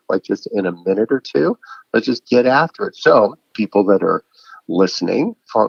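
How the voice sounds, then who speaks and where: A man's voice: fairly low pitch, vocal fry, breathy edge, dry recording, dull audio. A middle-aged man, a guest author, talking casually and acting out phone calls in a raised voice. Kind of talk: casual storytelling interview.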